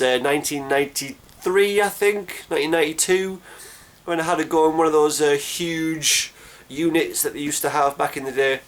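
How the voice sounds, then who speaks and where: A man in his thirties giving casual, rambling commentary as a gaming video maker. He grumbles, hesitates a lot and restarts his sentences. His accent drifts after more than a decade living abroad. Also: medium pitch.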